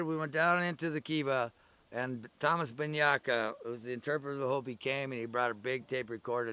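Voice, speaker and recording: A man's voice: medium pitch, pushed and bright, clear, resonant tone. An older man recalling his early days at the gathering in a rambling, conversational oral-history style. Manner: rambling, conversational storytelling with digressions.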